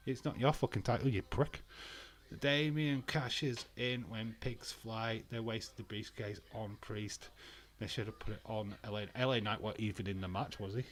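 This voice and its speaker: A man's voice: lowish voice, steady tone, normal speed. Guy ranting thru a wrestling watch-along, blunt, swears a lot, chatty. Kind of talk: casual live commentary.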